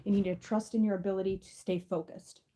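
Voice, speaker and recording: A woman's voice: mid-range voice, flat delivery, fast, dark tone, rough recording. A young woman giving a casual tarot reading to camera, rambling with lots of "like" and restarts. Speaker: tarot reader.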